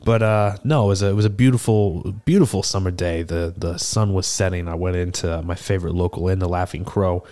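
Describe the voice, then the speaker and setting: A man's voice: deep voice, fairly even intonation, a little fast, hardly any pauses, mellow, natural voice. A man playing a seasoned male tortle cleric who tells a tavern tale in a chatty, rambling way, full of fillers and restarts. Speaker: player character in an improvised tavern scene. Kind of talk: improvised in-character storytelling.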